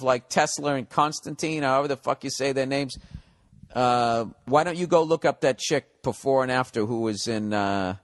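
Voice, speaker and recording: A man's voice: mid-range voice, a bit bright, no room sound. A man hosting a solo podcast, rambling through blunt, profane rants. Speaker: podcast host.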